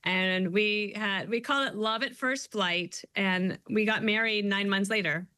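A middle-aged woman, a guest author, talking in an animated, storytelling way. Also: mid-range voice, no echo. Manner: animated storyteller, quick asides. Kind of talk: conversational interview.

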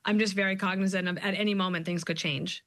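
Guest author, middle-aged woman, bright voice, dry sound, lively storyteller. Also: medium pitch, no echo. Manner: animated storyteller, quick asides. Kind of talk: conversational interview.

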